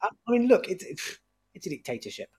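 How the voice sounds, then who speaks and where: A man who is a musician, a guest on a podcast, chatting in a relaxed, opinionated way. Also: high voice, fast talker, a little hiss or hum. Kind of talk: casual conversation.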